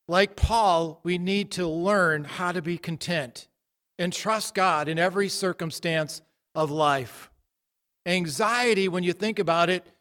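A man's voice: sits high, fairly bright tone, big-room sound. A man preaching a sermon, telling stories in a plain, conversational way.

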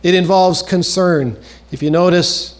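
A male preacher with a high voice delivers an earnest sermon. He repeats his key phrases and lets his voice sink low at the ends of phrases. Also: fairly even intonation, a little slow.

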